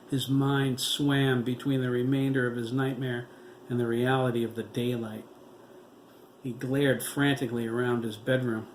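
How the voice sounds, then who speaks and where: A man reading his own horror novel aloud in a slow, dramatic storytelling manner. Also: medium pitch, flat delivery. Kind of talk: audiobook narration. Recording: echoey room with faint background noise.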